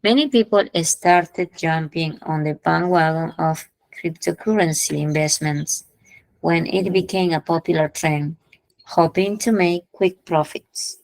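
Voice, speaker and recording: A woman runs an English lesson, moving between English and as she explains idioms. Her voice sits fairly low with a gravelly edge, and the sound is dry and close. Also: unhurried, a little mellow, no room sound, low-quality recording. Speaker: English teacher.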